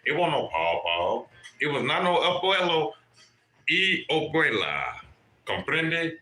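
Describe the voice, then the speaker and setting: A man hosting a casual livestream and giving spiritual readings. He talks straight to his viewers in an animated, profane way. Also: on the high side, a little slow. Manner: animated, profane, addresses chat viewers directly. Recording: echoey room with music playing. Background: music.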